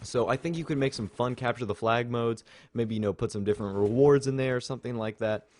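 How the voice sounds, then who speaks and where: A man's voice: medium pitch, quick pace, darkish tone. A young man talking casually and rambling over his gameplay footage, sharing thoughts with his channel's viewers. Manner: casual, rambling, chatty with fillers. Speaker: gaming channel host. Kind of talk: gameplay commentary.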